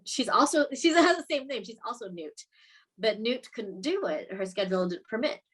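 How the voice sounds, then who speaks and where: A woman's voice: a little high, expressive, moderate pace, fairly bright tone, breathy edge, poor audio. A woman film director in a casual interview, telling stories animatedly, acting out quoted lines and laughing often.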